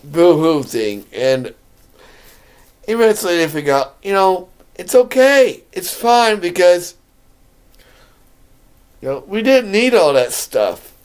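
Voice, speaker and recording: A man's voice: high-pitched, big pitch swings, takes it slowly, long pauses, clean tone. A man casually and enthusiastically talking through a favorite movie for his video blog, rambling and laughing often. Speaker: video blogger reviewing a movie.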